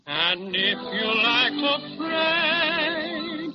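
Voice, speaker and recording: A very high, slow, sing-song teddy bear boasting over loud band music, sung by a man. The song comes from an old children's radio serial. The sound is dull and muffled, like a 1930s broadcast. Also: very animated, full character voice. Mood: playful.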